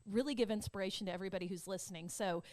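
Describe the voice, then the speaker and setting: A woman hosting a podcast, introducing her guests in an effusive, excited casual chat. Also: mid-range voice, racing, dry recording. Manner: bubbly, effusive, gushing with excitement. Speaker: podcast host.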